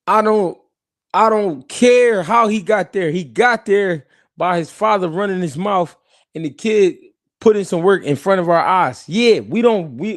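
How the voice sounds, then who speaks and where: Man, boxing stream host, heated, animated, talks to chat, higher voice, dry close sound. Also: no room sound. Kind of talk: live-stream boxing talk.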